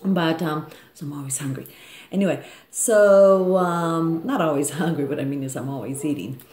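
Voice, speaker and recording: A woman with a low, mellow voice talks through an astrology forecast in a loose, rambling way. She often stops to ask "okay?" The recording has a roomy echo. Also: normal speed. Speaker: astrologer and life coach. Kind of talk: casual spoken astrology forecast. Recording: echoey room.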